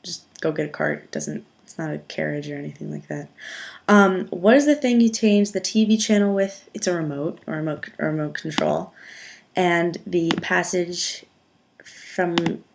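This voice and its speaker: A woman's voice: fairly low pitch, measured pace, creaky, slight background noise. A young woman from from there, chatting casually and self-deprecatingly through a challenge vlog into a webcam mic at home. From upstate New York. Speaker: vlogger.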